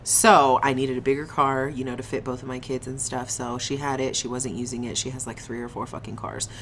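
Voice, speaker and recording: A young woman telling a casual storytime on her vlog, animated and slangy, swearing and laughing often, eating on camera. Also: a bass voice, fairly quick, noisy background. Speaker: vlogger.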